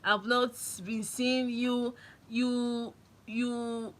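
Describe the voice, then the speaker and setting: A young woman from Nigeria chatting on a live stream from her phone, excitable and laughing often. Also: a little high, extremely slow, rough recording. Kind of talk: casual live-stream chat.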